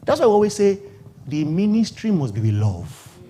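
A man preaching a sermon, switching between loud calls to the congregation, low asides and laughter. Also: very animated, normal speed. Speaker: pastor.

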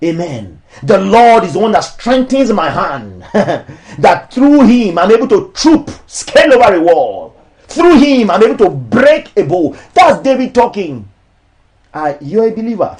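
Lively high-voiced preaching man. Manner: preaching with shifting emphasis, slow drawn-out lines then fast asides. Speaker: pastor. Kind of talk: sermon.

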